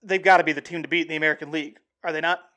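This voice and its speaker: Excitable high-voiced man talking sports. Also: rapid-fire. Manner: excitable, rambling with frequent restarts. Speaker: sports podcast host. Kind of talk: casual sports talk monologue.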